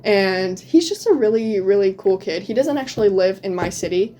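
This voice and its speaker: A woman's voice: mid-range voice, lively intonation, normal speed, warm tone. A teenage girl talking casually as an interview guest about her exchange year, full of "um" and "like" fillers. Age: teens. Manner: chatty, many "um" and "like" fillers, laughs often. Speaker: guest, returned exchange student.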